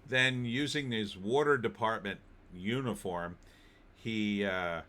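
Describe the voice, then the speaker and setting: A man's voice: fairly low pitch, takes it slowly, pushed and bright. A man giving a casual spoken film review, recapping the plot with wry disbelief.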